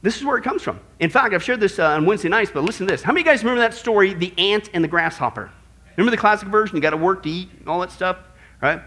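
A male pastor preaching in church with an animated, playful delivery, throwing rhetorical questions at the congregation. His voice sits high and sounds bright, and it swoops widely as he preaches. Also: racing. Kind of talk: sermon.

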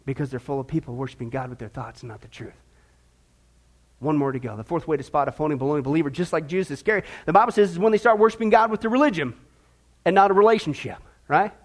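A man preaching a sermon fervently, dropping low for emphasis and rising into excited runs. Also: quick pace. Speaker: pastor.

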